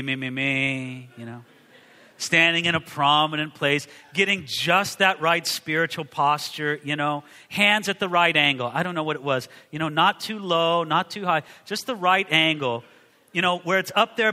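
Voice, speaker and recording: High, bright man preaching in a hall. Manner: animated preaching, shifts from booming to hushed, acts out quoted figures. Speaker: pastor. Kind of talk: sermon.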